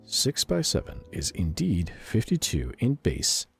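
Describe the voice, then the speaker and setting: A man in his thirties reads a document aloud on his stream in a slow, very deep voice. His pitch swings widely as he switches from dry reading to joking asides. Faint music plays in the background. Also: huge pitch swings, creaky, husky. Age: 30s.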